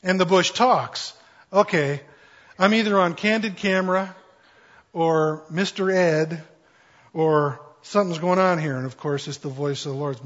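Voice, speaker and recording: Man preaching, husky voice, slightly high, joking conversational delivery, muffled lo-fi sound. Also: a little slow, a bit bright. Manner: conversational, playful, acts out quotes with jokes. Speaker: pastor. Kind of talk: sermon.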